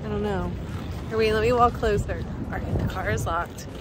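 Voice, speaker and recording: A woman's voice: medium pitch, moderate pace, noisy background. Chatty woman vlogging on the go. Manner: chatty, excitable, self-narrating. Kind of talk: casual vlog chat. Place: parking garage, cruise terminal and ship.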